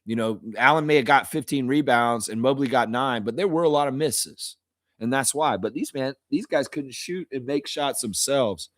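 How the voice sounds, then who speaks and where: A man hosting a live fan reaction stream, hoarse and tired from shouting at a game, talking in an emotional, excitable, rambling way. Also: medium pitch, normal speed, dry recording, clean studio sound. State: hoarse, voice worn out. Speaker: fan channel host.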